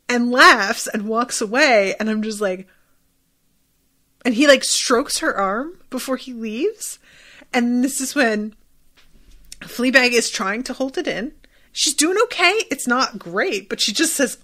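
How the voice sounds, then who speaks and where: A woman hosting a podcast, recapping a TV episode in a casual, profane, animated way. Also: a little high, a little slow, long pauses. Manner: animated, profane, bursts into laughter.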